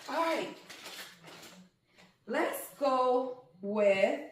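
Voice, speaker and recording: A woman's voice: high voice, lively intonation, drawn-out words, slight background noise. A woman, vlogging at home as she unpacks yarn and gushes over each skein. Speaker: crafting vlogger. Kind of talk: casual unboxing vlog. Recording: very echoey room.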